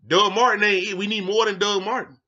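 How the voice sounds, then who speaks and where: A man hosting a sports show in a casual rant, heated and profane, swinging from low mutters to loud outbursts. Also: little pitch movement, fairly quick, highs cut off.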